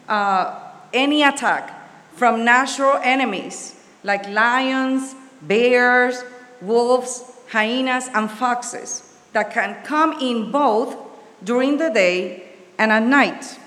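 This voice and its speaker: Woman pastor, preaching real slow, kinda high voice, long church-hall reverb. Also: a bit bright. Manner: slow, earnest, with small restarts. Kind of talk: sermon and prayer. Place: church sanctuary.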